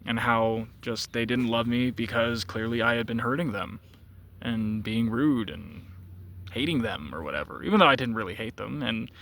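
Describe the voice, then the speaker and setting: A man's voice: mid-range voice, expressive, moderate pace, fairly bright tone, slight background noise. A man telling a long story in a casual, rambling way, often stopping to correct himself and restart. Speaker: channel host.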